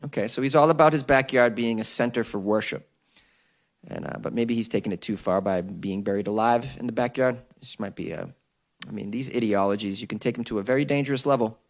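A man's voice: lowish voice, a little fast. Joking male comedian podcast host. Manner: loose, joking, riffing asides. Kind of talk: comedic news commentary.

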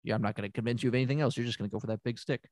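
A man hosting an improvised comedy podcast as a therapist, rambling and stammering with deadpan asides. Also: mid-range voice, rapid-fire, dry recording, clean studio sound. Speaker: podcast host playing a therapist.

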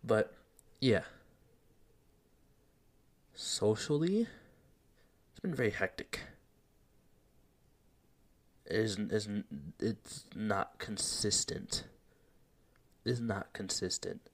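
A man's voice: fairly low pitch, expressive, slow, pauses often. A young man hosting a solo podcast, rambling in casual slang, laughing at himself and a bit out of breath. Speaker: podcast host.

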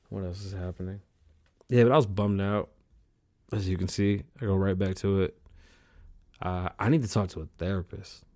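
A man's voice: moderate pace, long pauses. Profane, rambling male podcast host. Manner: profane, rambling, animated swings in pitch. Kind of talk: casual solo rant.

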